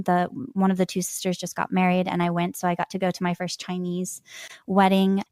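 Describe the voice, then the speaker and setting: Woman on a podcast, 30s, lowish voice, dry close mic, animated storyteller who laughs a lot. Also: no room sound. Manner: animated, laughs often, acts out quoted voices. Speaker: podcast guest, language learner. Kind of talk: conversational interview storytelling.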